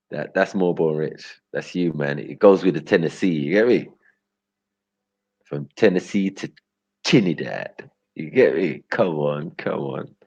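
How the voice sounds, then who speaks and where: A man's voice: very deep voice, a little slow, darkish tone, slightly rough, dry recording. A young man hosting a live stream and bantering with his chat in loose street slang, rambling and laughing often. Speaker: livestream host. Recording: dull lo-fi stream audio.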